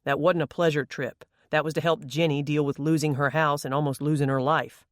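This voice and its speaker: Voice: mid-range voice, level tone, a little fast, no room sound, clean studio sound, close to an everyday voice. A narrator voicing a firm, adamant man in an audiobook. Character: grown man, firm and protective.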